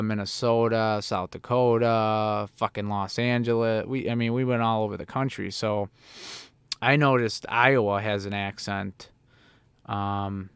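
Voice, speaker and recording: A man's voice: lowish voice, vocal fry, a bit bright, clear, resonant tone, dry recording. A man in his thirties with a Chicago accent, chatting casually and rambling a bit with plenty of swearing as he reviews videos. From Illinois, USA. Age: 30s. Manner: rambling, profane, laid-back. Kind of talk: casual reaction chat.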